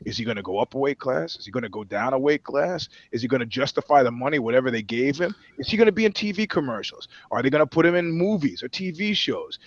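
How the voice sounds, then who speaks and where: A man co-hosts a comedy podcast, rambling through profane, joking riffs and doing voices in a casual comedic chat. His medium-pitched voice swings widely, and he talks fast with few pauses. The recording is muffled, with no room sound.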